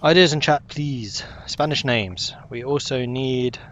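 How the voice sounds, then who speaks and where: A man's voice: mid-range voice, unhurried, a bit bright, muffled recording, slight background noise. A young man casually commenting as he plays a game, chatting with his viewers. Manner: chatty, talks to himself and to chat while playing. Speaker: game streamer.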